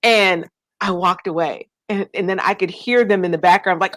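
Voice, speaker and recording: A woman from the United States telling her story in an interview, animated, acting out quoted voices and fighting back tears. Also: medium pitch, moderate pace, no echo. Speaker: guest, nonprofit founder.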